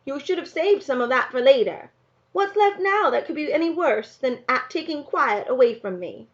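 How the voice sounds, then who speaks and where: A woman's voice: sits high, expressive, moderate pace, pitched above the performer's own voice. Woman voicing an earnest defiant young girl. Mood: pleading. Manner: pleading, emotional. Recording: dull lo-fi recording.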